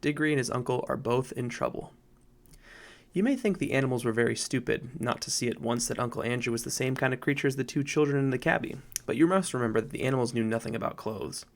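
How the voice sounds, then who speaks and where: A man narrating a children's storybook in a measured, expressive reading. His voice is of middle pitch with a noticeably gravelly, creaky texture. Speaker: audiobook narrator.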